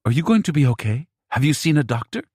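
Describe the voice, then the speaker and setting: A man voicing an emotional, excitable older mother who speaks in fretful exclamations. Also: fairly high pitch, fast talker, husky, no echo, clean studio sound, voice pushed up.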